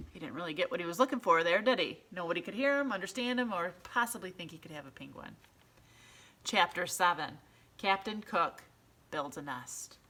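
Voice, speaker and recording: A woman reading a children's book aloud in an expressive, animated storytelling way. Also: fairly low pitch. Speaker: reader.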